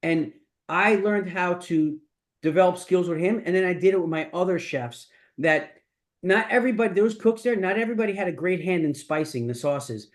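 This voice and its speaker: A man's voice: sits high, expressive, normal speed. A middle-aged man, a business coach, talking casually and emphatically in a masterclass, with frequent restarts. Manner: rambling, emphatic, with many restarts.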